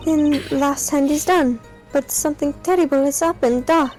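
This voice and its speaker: Woman putting on a deadpan Russian waitress. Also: high-pitched, moderate pace, soft background music, lightly acted. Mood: storytelling. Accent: put-on Russian. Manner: deadpan, drops articles.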